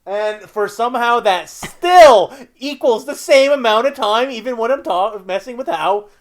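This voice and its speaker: A man from Canada co-hosting a podcast in casual chat, excitable and prone to jokey exaggeration. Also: very high voice, measured pace. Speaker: podcast co-host.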